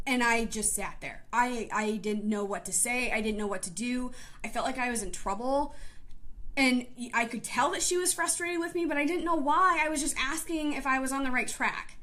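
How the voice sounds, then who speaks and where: A woman in her twenties speaks in a slightly high, bright voice with a tense edge. She is a teacher sharing a painful memory in a personal vlog, and she sounds emotional, close to tears. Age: 20s. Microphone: live stream camera.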